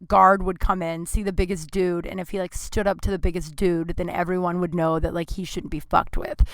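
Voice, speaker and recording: A woman's voice: medium pitch, no echo. A woman in her thirties hosting a podcast from a small home studio, telling a frank, casual story in which she swears freely and acts out the people she quotes. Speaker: podcast host. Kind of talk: casual monologue.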